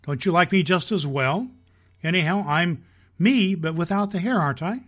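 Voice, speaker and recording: A man reading the part of a loving young wife, earnest and pleading, in his own slightly high voice. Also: animated, moderate pace, a bit bright.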